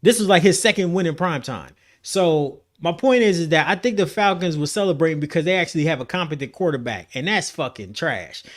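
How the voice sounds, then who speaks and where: Man, sports podcast co-host, blunt, heavy swearing, emphatic, somewhat high voice. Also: lively intonation, brisk, hardly any pauses. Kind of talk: casual sports chat.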